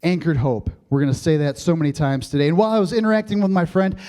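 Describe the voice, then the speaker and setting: A male pastor preaching a sermon, telling stories with jokes and laughter and getting animated with excitement. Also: fairly high pitch, fast talker. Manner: joking, storytelling, laughs often.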